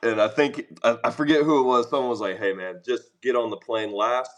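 A man's voice: medium pitch, fairly even intonation, brisk. A man guesting on a podcast, telling easygoing anecdotes and laughing as he goes. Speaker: guest, pro pitcher. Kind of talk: interview chat.

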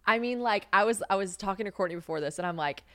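A woman's voice: mid-range voice, quick pace, fairly bright tone, no room sound. A young woman hosting a casual solo podcast, rambling and swearing freely, laughing often. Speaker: podcast host. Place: home kitchen.

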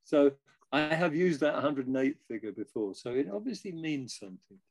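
A man's voice: fairly high pitch, expressive, normal speed, no echo, poor audio. A man in his eighties, a guest musician, telling stories casually with frequent chuckles. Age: 80s. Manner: chuckling, self-deprecating. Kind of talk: casual storytelling.

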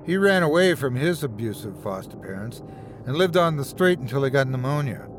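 Vengeful female ghost, mournful and accusing, low hushed delivery, read by a male narrator. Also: expressive, fairly quick, music in the background, natural voice. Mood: cold.

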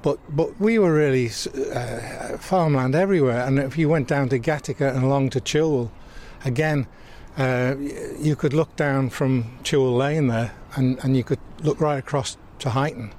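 A man's voice: medium pitch, moderate pace, hardly any pauses, a little mellow, slight background noise. An older man with a mild Southwest Lancashire accent, reminiscing outdoors in an interview, stumbling and repeating words as he recalls. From England. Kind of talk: reminiscing in casual conversation. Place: outdoors by a church in a town.

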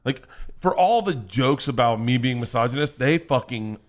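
A man, a comedian, telling family stories on a podcast in a loud, profane way, laughing as he goes. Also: medium pitch, expressive, normal speed. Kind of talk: casual storytelling.

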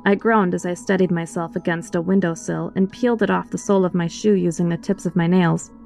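A woman reading a first-person horror story aloud in an expressive, scripted storytelling voice, with faint music behind her. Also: fairly low pitch, a little fast, vocal fry.

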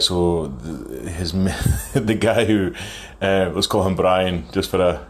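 A man's voice: sits low, slow, a little hiss or hum. A man in his thirties, telling a long, rambling story in a phone voice note and chuckling as he goes. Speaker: caller sending a voice note. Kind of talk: casual storytelling.

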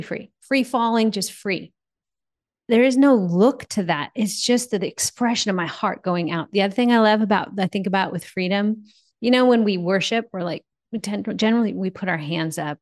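Emphatic preacherly woman co-host. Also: mid-range voice. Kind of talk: faith-based podcast conversation.

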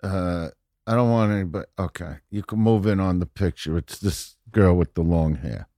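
A man's voice: deep voice, normal speed, dry recording, clean studio sound. Brash, profane man telling stories. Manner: brash, profane, rising to loud rants. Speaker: guest comedian. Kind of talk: casual podcast storytelling.

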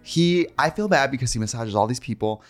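A man's voice: medium pitch, fairly quick, faint music behind. A man co-hosting a podcast in casual, chatty conversation, now and then singing a snippet. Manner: chatty, animated, sings snippets. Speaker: podcast co-host. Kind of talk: casual chat.

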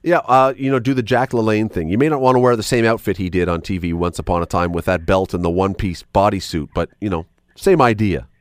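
A man's voice: fairly low pitch, fast talker, no echo, clean studio sound. A man hosting a radio talk show, rambling and correcting himself as he talks. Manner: animated, rambling, self-correcting. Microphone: studio microphone.

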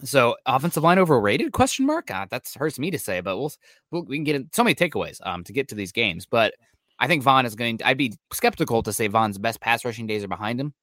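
A man co-hosting a sports podcast, talking football in a quick, analytical way with frequent fillers. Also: medium pitch, very animated, a bit bright, no echo, clean studio sound. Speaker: podcast co-host. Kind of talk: casual sports talk. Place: Seattle area.

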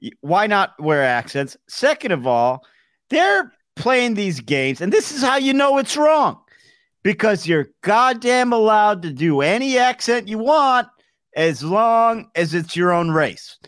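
Dude on a comedy podcast, rambles and restarts a lot, high bouncy voice. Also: male voice, big pitch swings, measured pace, fairly bright tone, no room sound, studio quality. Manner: rambling, full of fillers and restarts. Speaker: podcast co-host. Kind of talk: casual comedic chat.

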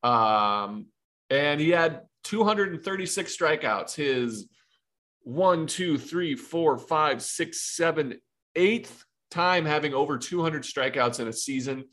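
A man's voice: on the high side, animated, takes it slowly, fairly bright tone. A laid-back man talks shop on a sports podcast. He is chatty and easygoing, with a mid-range voice and a ready laugh. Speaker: co-host, former player. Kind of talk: casual sports chat.

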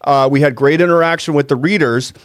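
A man's voice: on the high side, brisk, clean tone, dry recording. Man, podcast co-host, casual rambling chat, joking, dry close sound. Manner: joking, rambling, with filler words.

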